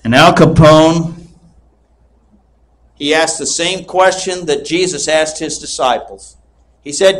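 A man in his sixties preaching a sermon in a slow, emphatic way. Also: a little high. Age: 60s.

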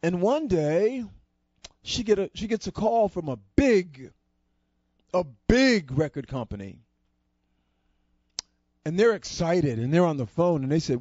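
A man telling a motivational story to an audience, expressive and with deliberate pauses. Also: high voice, dry recording. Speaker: storyteller at a society program. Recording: dull lo-fi dry recording.

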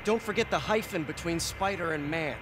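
A man's voice: a little high, a little fast, a bit bright, a little hiss or hum, close to an everyday voice, rough recording. Spider-Man, a man doing a quippy young hero. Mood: teasing. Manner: sarcastic quips. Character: wisecracking young male superhero. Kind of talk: video game voice acting.

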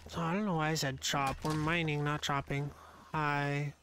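A male streamer chatting casually while playing a game, quick to laugh and talking to his viewers. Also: on the high side, flat delivery, bright, forceful tone, a little hiss or hum. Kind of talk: casual gaming stream chat.

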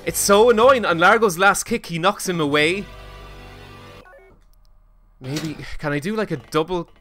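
A man streaming a video game live, reacting excitably and swearing often as he plays and talks to his chat. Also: high voice, measured pace, soft background music. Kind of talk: casual live gameplay commentary.

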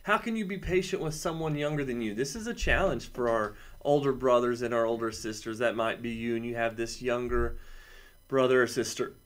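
A man's voice: medium pitch, a little fast. Man, 30s, kids' camp teacher; encouraging, upbeat, speaks directly to the kids. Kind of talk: friendly lesson to kids.

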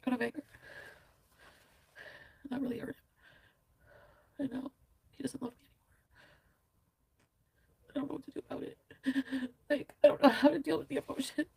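A woman's voice: high voice, fairly even intonation, normal speed, vocal fry, long pauses, warm tone. A woman talking frankly to her vlog viewers, rambling and filling her speech with "like" and swearing. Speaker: vlogger. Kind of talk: candid vlog talk.

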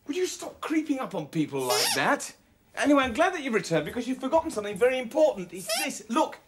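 Lady children's tv host chatting to puppets, bouncy animated delivery, playful scolding. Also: on the high side, noisy background. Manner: excitable, exclaiming, playful scolding. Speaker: children's TV presenter.

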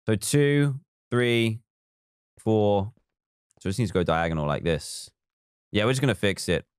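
A man streaming a building game, talking in an easy, conversational way. His voice sits low and sounds clean and resonant, recorded close and dry with no room around it. He drifts between reading out viewer messages and quietly counting as he builds. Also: lively intonation, a little slow, smooth, dry recording. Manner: chatty, reads viewer comments aloud and counts blocks under his breath. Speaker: live streamer. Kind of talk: casual live-stream chat while building in a game.

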